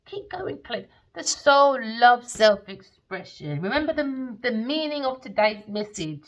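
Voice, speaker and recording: A woman who reads tarot, telling dream stories in a blunt, animated way and swearing freely. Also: fairly high pitch, measured pace, poor audio. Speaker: tarot reader. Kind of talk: casual storytelling monologue.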